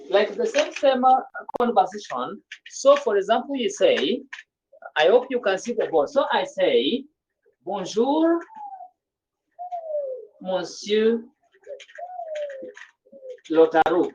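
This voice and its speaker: A woman teaches a class slowly, repeating phrases and checking that everyone follows. Her pitch moves a lot. The recording sounds dull and lo-fi. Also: noisy background. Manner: slow, repetitive, checks understanding often. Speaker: French teacher. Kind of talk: classroom language lesson.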